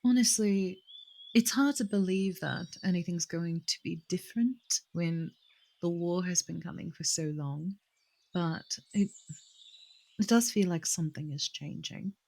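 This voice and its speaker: Woman voicing a weary noblewoman, resigned, thoughtful, low voice. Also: a little slow, vocal fry, a little mellow, rough recording.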